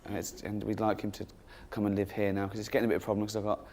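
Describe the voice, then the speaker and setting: Bloke doing a tired middle-aged woman, flat and matter-of-fact, voice dropped low. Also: very fast, slight background noise, natural voice. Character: weary middle-aged woman explaining her dad.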